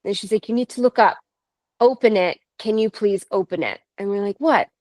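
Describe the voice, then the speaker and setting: A woman in her thirties from Canada, telling a ghost-hunt story in an animated, chatty way, laughing often and quoting others. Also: medium pitch, brisk, dry recording. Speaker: paranormal investigator guest. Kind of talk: casual storytelling.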